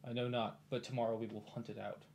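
A man's voice: medium pitch, level tone, fast, darkish tone, slight background noise, lightly acted. A man doing a solemn, lofty male cleric. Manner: formal, archaic, solemn.

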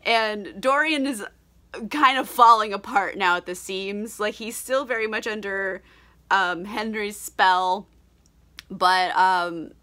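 Tipsy woman reviewing a book, bright and sweary, laughing a lot. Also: mid-range voice, slow pace. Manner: chatty, laughing, lots of swearing and "like". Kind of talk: casual book recap.

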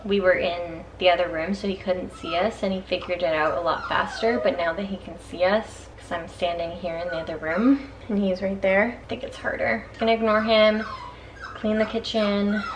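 A woman's voice: medium pitch, noisy background. A woman vlogger chatting casually at home, often using "like" as a filler. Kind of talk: casual vlog chat. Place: home kitchen.

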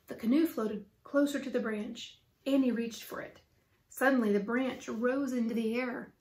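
Woman, children's book read-aloud, expressive, fairly high voice, echoey room. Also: moderate pace. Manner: lively, expressive storytelling. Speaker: teacher reading aloud. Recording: roomy echo.

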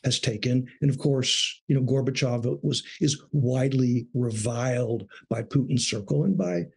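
A middle-aged man, a guest on an interview show, talking in a measured, thoughtful way about his years as a foreign correspondent. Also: mid-range voice, creaky, a little mellow, husky. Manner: measured, thoughtful, with small restarts. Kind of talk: reflective interview talk.

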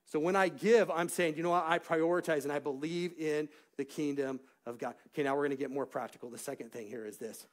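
A middle-aged pastor preaching a sermon in a church sanctuary. His voice sits a little high for a man, and his delivery is animated and personal. He swings between casual storytelling and loud bursts of praise. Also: quick pace, hardly any pauses.

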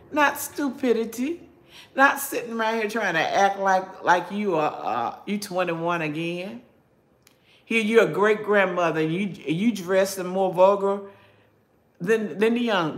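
Slow-talking older woman. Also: on the low side. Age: 70s. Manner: slow, preachy, folksy Southern speech. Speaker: cooking channel host reading chat. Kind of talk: casual live chat.

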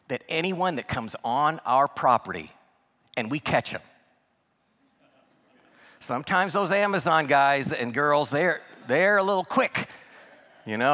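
A man's voice: on the high side, bright, forceful tone. A man preaching as a guest speaker, telling personal stories in a folksy, conversational way with frequent restarts. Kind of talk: sermon storytelling. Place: church sanctuary. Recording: reverberant church hall.

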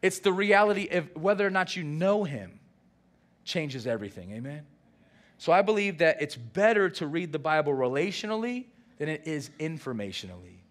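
A man, the senior pastor, preaching a sermon and acting out lively dialogue. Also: fairly high pitch, moderate pace. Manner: animated preaching with acted-out dialogue.

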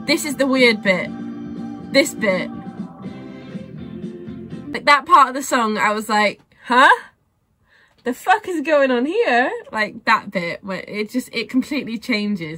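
A young woman giving casual reaction commentary on a music video, gushing and excitable and swearing freely. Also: medium pitch, moderate pace.

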